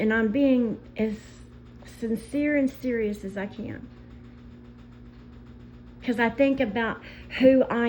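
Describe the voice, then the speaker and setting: Woman, vlogger, indignant rant, impassioned, slow, faint background noise. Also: fairly high pitch, darkish tone, rough recording. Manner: indignant, impassioned storytelling with pauses. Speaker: commentary vlogger. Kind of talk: emotional personal rant.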